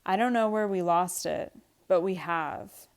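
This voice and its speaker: A woman's voice: lowish voice, a little slow, clean tone. Ruth, a weary young wife, read by a woman. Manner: read aloud from a script, lightly acted.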